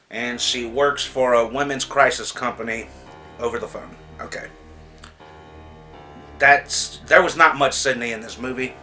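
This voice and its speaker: A man's voice: mid-range voice, pushed and bright. A man hosting a casual movie review vlog, frank and exasperated, chatting in a loose, talky way. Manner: frank, exasperated, chatty with repeated "you know what I'm saying". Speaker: movie reviewer, channel host.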